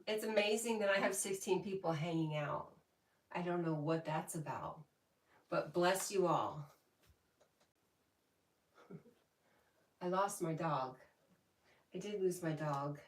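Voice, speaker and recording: A woman hosting a casual livestream from home, chatting and reading viewer comments aloud with frequent laughs. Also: on the low side. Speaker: livestream host. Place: home, indoors. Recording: echoey room, voice from a distance.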